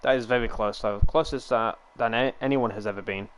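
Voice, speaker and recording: A man's voice: mid-range voice, fairly quick, smooth. Rambling young man on a headset. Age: 20s. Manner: rambling, chuckling often. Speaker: livestreamer. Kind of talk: casual chat with stream viewers. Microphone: gaming headset.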